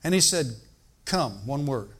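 Older man, preacher, sermon, emphatic, swings from loud to hushed, mid pitch. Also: unhurried, husky. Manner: animated, emphatic, shifts between loud and hushed.

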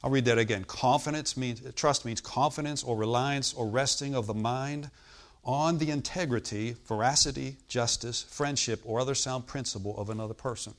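A man's voice: medium pitch, normal speed. Man preaching, emphatic with "amen" calls. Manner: emphatic, repetitive, frequent "Amen?" calls to listeners. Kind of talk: sermon. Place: hotel meeting room.

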